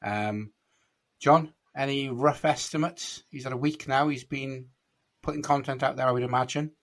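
A man's voice: medium pitch, steady tone, normal speed, a bit bright. A man hosting a podcast, teasing and steering a casual chat. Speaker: podcast host.

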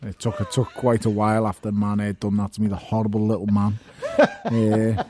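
A man's voice: on the low side, flat delivery, a little fast, mellow, no echo. A man speaking as a guest, frank and reflective.

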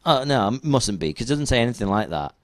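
A man's voice: mid-range voice, big pitch swings, quick pace, no room sound. A man hosting a casual podcast, laid-back and hesitant with many ums. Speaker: podcast host. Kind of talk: casual chat.

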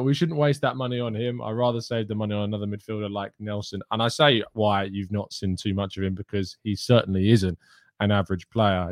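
A man hosting a daily live-streamed football show talks in a low voice, close to a dry mic. He is chatty and opinionated, and he answers viewer questions from the chat. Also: dry recording.

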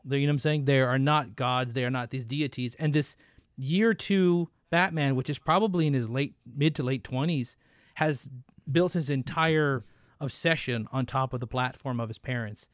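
A man's voice: mid-range voice, dry recording, studio quality. A man hosting a casual film chat, playful and teasing, given to talking at length.

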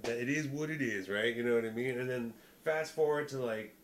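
A young man telling a rambling, animated story in casual chat, often breaking into laughter. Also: medium pitch, moderate pace, a little hiss or hum. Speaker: podcast co-host, comedian.

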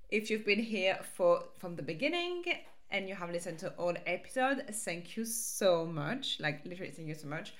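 A woman's voice: mid-range voice, fairly bright tone. A woman with a French accent hosting her own podcast as a life coach, talking casually and upbeat with fillers and restarts.

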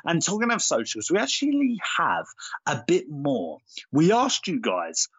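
A man's voice: on the high side, wildly swooping pitch, unhurried, a bit bright, breathy edge, dry recording, lo-fi sound. A man co-hosting a podcast, chatting with enthusiasm and lots of fillers. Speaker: podcast co-host. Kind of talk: casual chat.

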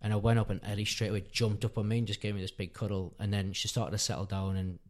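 A man's voice: lowish voice, level tone, fast, a little mellow. A man, around his thirties, telling a long personal story in casual chat, rambling and correcting himself as he goes. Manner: rambling, self-correcting, earnest. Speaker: podcast guest, father.

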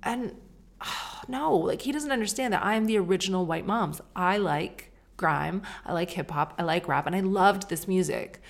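A woman's voice: lowish voice, moderate pace, creaky, hardly any pauses. A middle-aged woman hosting a podcast, rambling through a self-deprecating, stream-of-consciousness monologue with casual swearing. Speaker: podcast host.

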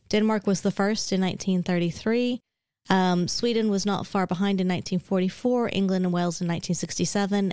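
A woman's voice: medium pitch, a little mellow, clean tone, dry recording, studio quality. A woman co-hosting a podcast, explaining history notes in a chatty way with frequent fillers. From Australia. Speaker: podcast co-host. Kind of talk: casual podcast chat, presenting history notes.

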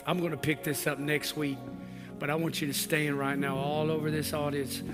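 Pastor, male, high bright voice, fervent preacher with long hall reverb. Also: little pitch movement, moderate pace, music in the background. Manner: preaches in swelling shouts, then drops to a low quiet voice. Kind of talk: sermon. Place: church hall with a congregation.

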